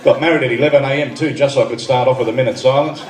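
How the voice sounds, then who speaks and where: Speaking very fast in a steady, mid-range voice, the Australian stand-up, a man in his thirties, swaps dry quips and asides with the audience. The live benefit-night room is loud and echoey, recorded from a distance on a phone, with crowd laughter throughout.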